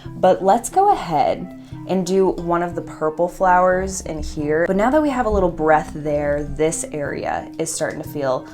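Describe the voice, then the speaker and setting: A woman's voice: fairly low pitch, lively intonation, normal speed, darkish tone, faint music behind. A young woman chatting playfully to camera while arranging flowers at her home workstation, swearing casually and talking to herself. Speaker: craft vlogger.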